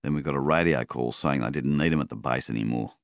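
Guy reading as a cold bitter war vet, super deep gravelly voice, dry sound. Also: fast, dry recording. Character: bitter hard-drinking male war veteran.

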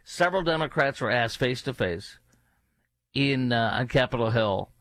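A man hosting a talk show, sarcastic and mocking, drifting into rambling asides. His voice sits at a middle pitch and is recorded close and dry. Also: lively intonation, normal speed, fairly bright tone, dry recording. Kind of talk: opinionated talk show commentary.

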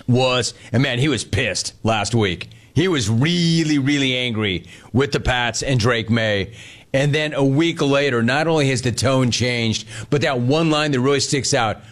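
A man hosting sports talk radio, riffing sarcastically and telling stories to his listeners. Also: mid-range voice.

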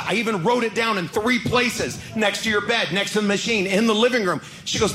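A man telling a stand-up story, getting more and more exasperated until he is laughing and shouting. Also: sits high, lively intonation, brisk, background noise. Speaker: stand-up comedian.

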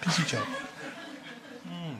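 Crude Australian stand-up comedian. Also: male voice, a little high, slow pace, very noisy. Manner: crude, deadpan storytelling with crowd work. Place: comedy stage before a live audience.

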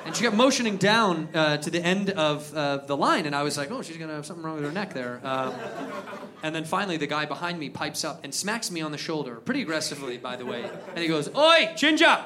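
A man telling a story in a stand-up set, animated, with loud punchlines. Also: fairly high pitch, quick pace. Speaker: stand-up comedian. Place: comedy club with live audience. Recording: crowd laughter and noise.

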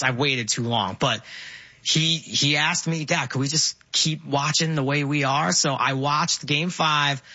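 A man's voice: on the high side, husky, dry recording, dull audio. A man, telling stories eagerly as a guest on a talk show. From Brooklyn, New York. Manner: animated storyteller, excitable. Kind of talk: casual chat.

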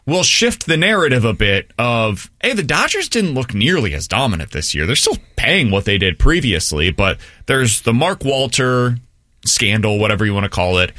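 A man hosting sports talk radio, laying out opinions and thinking out loud before asking his co-host. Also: mid-range voice, very animated, normal speed, no echo, studio quality.

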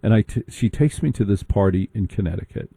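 A man's voice: lowish voice, lively intonation, brisk, warm tone, husky, dry recording, clean studio sound. A man telling a long comic story with a mocking tone, slipping into put-on voices of the people he mocks.

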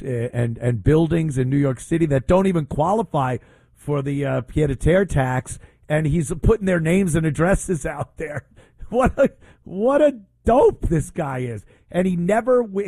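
Blunt, indignant talk radio host. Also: male voice, fairly high pitch, dark tone, dry recording. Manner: blunt, indignant, rambling with fillers.

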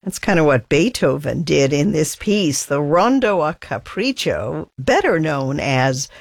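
A woman's voice: low-pitched, very animated, unhurried, gravelly, dry recording, studio quality. A woman hosting a classical music radio program, announcing pieces and chatting conversationally.

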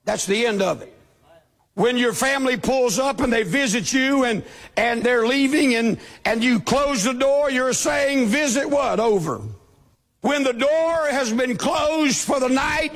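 A man preaching a sermon, with a shouting preacher's cadence, acting out the voices he quotes. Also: extremely high pitch, unhurried. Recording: long hall reverb.

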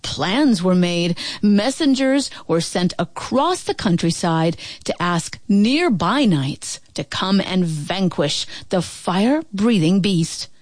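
Slow, expressive woman reading a storybook. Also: on the low side, no room sound. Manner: slow, expressive, sing-song. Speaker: narrator. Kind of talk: children's storybook read-aloud.

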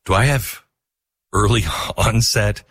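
A man's voice: lowish voice, slow, a bit bright, slightly rough, no echo. An older man hosting a talk radio show, rambling through a scattered, self-mocking monologue into a studio microphone.

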